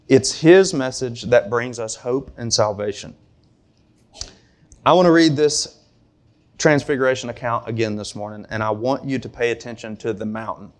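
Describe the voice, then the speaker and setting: A man's voice: medium pitch, moderate pace. A man preaching a sermon to a congregation in a conversational way, with asides and questions to the room. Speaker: pastor.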